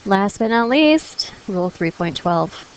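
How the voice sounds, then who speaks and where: A woman's voice: mid-range voice, lively intonation, unhurried, a little hiss or hum, poor audio. A woman teacher explaining punctuation rules to her class in a patient, encouraging way, reading example sentences aloud. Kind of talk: classroom grammar lesson.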